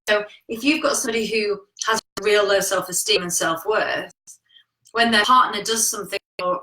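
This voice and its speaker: A woman's voice: mid-range voice, pushed and bright, roomy sound, rough recording. A woman coaching viewers on relationships and communication in a frank, chatty live talk, swearing casually. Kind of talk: live-streamed talk reading viewer comments.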